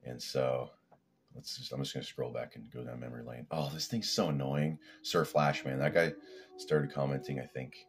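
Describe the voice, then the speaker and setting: Man with an extremely deep voice. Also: steady tone, moderate pace, gravelly, a little hiss or hum. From Canada. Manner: rambling, laid-back, swears casually. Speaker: fitness vlogger. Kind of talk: casual rambling chat.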